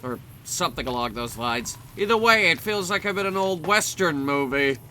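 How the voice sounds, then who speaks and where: A man's voice: fairly high pitch, animated, moderate pace, background noise. A young man giving rambling, sarcastic, jokey commentary while he plays a video game. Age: young adult. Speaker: let's play commentator.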